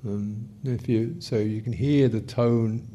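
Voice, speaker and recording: An older man from England teaching meditation, speaking in a reflective, thinking-aloud way with touches of gentle humor. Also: mid-range voice, steady tone, slow pace. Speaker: meditation teacher answering questions. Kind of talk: unhurried Dharma talk.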